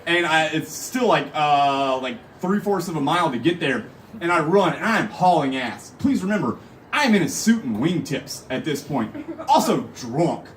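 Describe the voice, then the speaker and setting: A man's voice: a little high, lively intonation, moderate pace, slight background noise. Rambling young man telling a story on stage. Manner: rambling, fills with "like" and "literally". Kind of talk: live comic storytelling. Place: live show venue. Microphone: phone camera from the audience. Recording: phone recording from far off.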